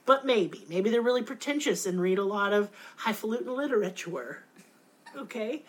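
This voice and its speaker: A woman's voice: medium pitch, animated, normal speed, poor audio. Profane ranting young woman. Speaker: podcast co-host. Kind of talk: casual chat.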